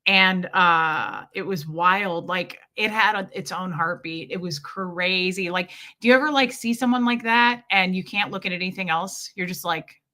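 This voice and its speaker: A woman's voice: on the low side, moderate pace, few pauses, sharp tone. A woman hosting a casual livestream, telling jokey stories and greeting viewers by name mid-sentence. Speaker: livestream host reading chat.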